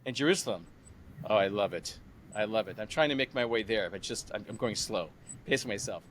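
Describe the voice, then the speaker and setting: A man in his sixties hosting a podcast interview, chatty and animated, acting out conversations as he retells them. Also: on the low side, brisk, a little hiss or hum. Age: 60s. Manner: animated, retells phone calls with lively imitated voices. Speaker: podcast host. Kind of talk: casual interview.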